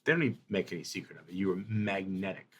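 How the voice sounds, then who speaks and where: A man running a tabletop role-playing game as game master, setting scenes in measured descriptive narration. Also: low-pitched, animated, husky.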